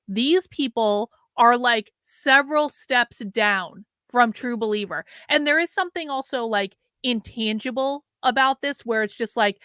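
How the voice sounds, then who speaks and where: A woman hosting a livestream, talking back to her chat with a sarcastic edge and many quick restarts. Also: on the high side, fairly bright tone, no room sound. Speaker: show host. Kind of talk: livestream commentary.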